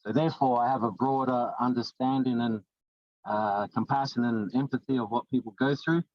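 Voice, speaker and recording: A man's voice: medium pitch, fairly even intonation, normal speed, no room sound, muffled recording. Earnest New Zealand man, rambling. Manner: earnest, rambling with many restarts. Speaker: life coach. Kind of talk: casual interview.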